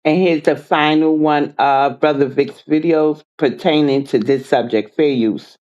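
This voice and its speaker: A livestream host talking slowly, sounding weary and indignant. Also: medium pitch, steady tone, darkish tone, lo-fi sound. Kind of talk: livestream talk.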